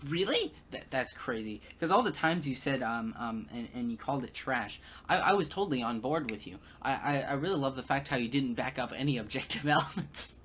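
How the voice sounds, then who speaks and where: Male commentator, sarcastic and halting, faint background hum. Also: mid-range voice, expressive, a bit bright. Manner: sarcastic, stammering, repeating words. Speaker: video commentator.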